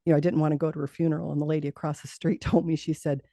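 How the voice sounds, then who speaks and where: Middle-aged woman guest telling her story, mellow, a bit of fry, laughs a lot. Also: sits low, little pitch movement, rapid-fire, dry recording, studio quality. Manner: earnest, laughing, many restarts. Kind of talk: personal storytelling in an interview.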